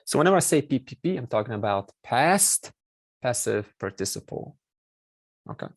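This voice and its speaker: A man's voice: medium pitch, big pitch swings, normal speed, dry recording. A man teaching a Sanskrit class online, explaining step by step and repeating key words with many fillers.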